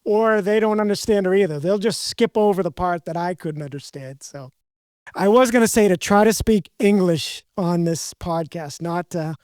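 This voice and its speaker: A man's voice: high voice, normal speed, a little mellow, smooth, dry recording, studio quality. A man hosting a podcast, talking candidly in a rambling, self-deprecating way. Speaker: podcast host. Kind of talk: casual podcast conversation.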